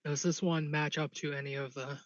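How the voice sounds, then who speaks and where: Slightly high-voiced male player, muffled mic. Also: flat delivery, a little fast, dry recording. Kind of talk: tabletop game play.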